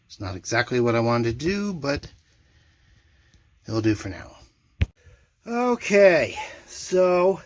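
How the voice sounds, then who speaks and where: Inside a sailboat cabin, with slight background noise, an older man with a mid-range voice casually narrates his own boat engine work. He's a boat owner doing a motor refit, and his commentary is dry, self-deprecating, and full of fillers.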